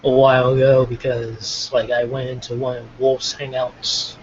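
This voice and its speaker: A man's voice: medium pitch, level tone, moderate pace. A man in a casual online group discussion who talks loosely and fills his speech with "like". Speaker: hangout participant. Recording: dull lo-fi call audio with faint background noise.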